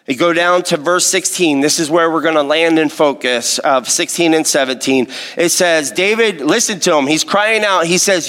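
A man's voice: a little high, normal speed, fairly bright tone. A man preaching a sermon, reading scripture and earnestly asking the congregation questions. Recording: long hall reverb.

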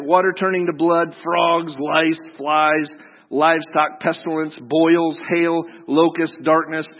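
Male preacher, conversational sermon, joking asides, slightly high voice, dull lo-fi recording. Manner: conversational, jokey storytelling with asides to listeners.

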